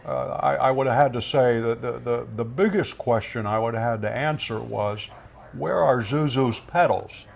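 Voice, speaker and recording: A man doing an impression of an older American film star, with a slow, hesitant drawl and stammered restarts. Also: medium pitch, vocal fry, background noise, close to an everyday voice. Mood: musing.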